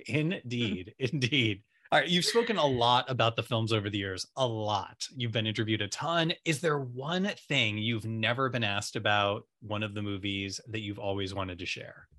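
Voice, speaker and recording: A man's voice: on the low side, normal speed, fairly bright tone. A man interviewing an actor, asking questions in a friendly, attentive way.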